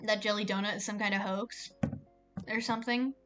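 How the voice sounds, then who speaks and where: A woman's voice: medium pitch, level tone, fairly bright tone, faint music behind. A woman streamer chatting casually and jokingly while reading a visual novel aloud. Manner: rambling, joking, fast with fillers.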